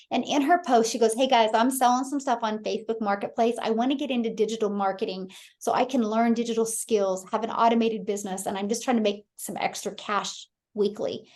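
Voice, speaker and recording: A woman's voice: a little high, a little mellow. A woman in her thirties from Kansas hosting a live webinar, telling a story with enthusiasm and often addressing her audience as "you guys". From Kansas, USA. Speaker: host. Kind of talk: live webinar sales talk.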